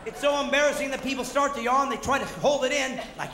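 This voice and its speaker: A man performing energetic, mocking stand-up comedy on stage, acting out the voices he quotes. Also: extremely high pitch, fast. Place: theater stage before a live audience. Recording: roomy hall with audible audience noise.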